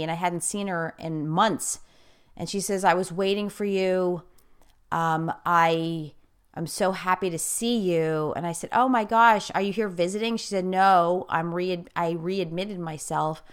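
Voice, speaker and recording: A middle-aged woman hosting a conversation, earnestly telling a personal story with animated bursts and frequent restarts. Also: fairly low pitch, clear, resonant tone. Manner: earnest, animated storyteller who repeats herself and speeds up in bursts. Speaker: host.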